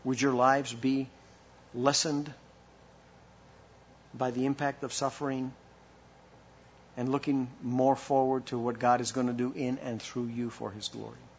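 A man's voice: medium pitch, little pitch movement, a little slow, long pauses, dull audio, a little hiss or hum. A man preaching a sermon as pastor, with impassioned rhetorical questions and a delivery that rises and falls.

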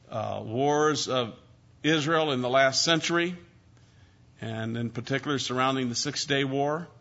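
A man's voice: a little high, sharp tone. A man preaching an expository sermon, asking rhetorical questions and repeating key words for emphasis. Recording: dull lo-fi sermon recording.

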